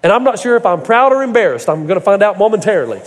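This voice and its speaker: High-voiced preaching man in a big hall. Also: sing-song, racing. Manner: storytelling with folksy humor, rising to emphatic preaching. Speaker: pastor. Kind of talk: sermon. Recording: echoey hall reverb.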